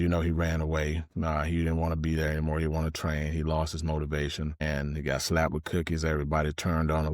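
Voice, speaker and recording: A man's voice: rumbling low, dry recording, studio quality. A man, telling a personal story in a candid, confessional, conversational way. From Georgia, US. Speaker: host, storyteller.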